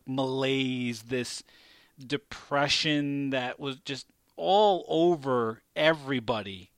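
A man hosting a casual chat, rambling and animated, swearing and laughing often. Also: a little high, dry recording, clean studio sound.

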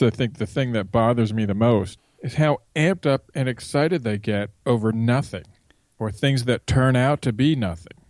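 A man in a casual podcast chat, venting in long, rambling runs full of restarts and trailing asides. His voice sits in an ordinary middle pitch and is recorded close and dry, with no room sound. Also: a little mellow, dry recording. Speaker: podcast co-host.

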